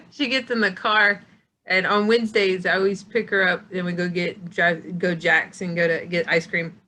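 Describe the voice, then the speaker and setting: A middle-aged woman and parent telling lively stories with lots of laughter in a casual video-call chat. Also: mid-range voice.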